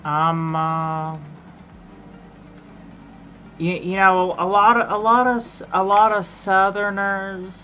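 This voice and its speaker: A woman's voice: mid-range voice, steady tone, slow, pauses often, pushed and bright, lo-fi sound, faint music behind. A woman from Appalachia with an Appalachian accent, chatting casually on a gaming stream and rambling, often repeating and restarting her phrases.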